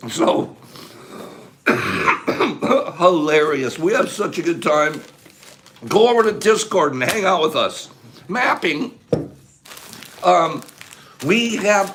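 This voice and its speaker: A man hosting a casual livestream, emotional and animated, swinging from loud bursts to soft, choked-up murmurs. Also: sits high, slow, long pauses. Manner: emotional, gets choked up and clears his throat. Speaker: livestream host.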